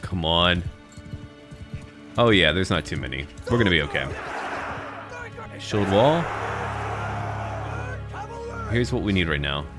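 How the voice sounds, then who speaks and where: A man's voice: low-pitched, expressive, slow, long pauses, over music. A man giving casual let's-play commentary, chatty and playful, thinking aloud as he plays. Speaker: gameplay commentator.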